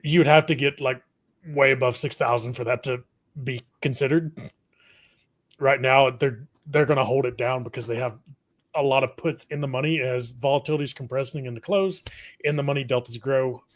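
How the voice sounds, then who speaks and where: A man's voice: medium pitch, steady tone, a little fast. A man co-hosting a casual live stream over a video call, explaining at length and laughing mid-sentence.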